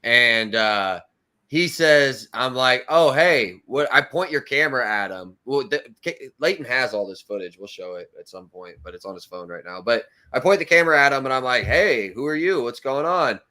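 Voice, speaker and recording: A man's voice: medium pitch, lively intonation, moderate pace, pushed and bright. A young man co-hosting a casual podcast, retelling a story in a mocking tone and laughing often. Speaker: co-host.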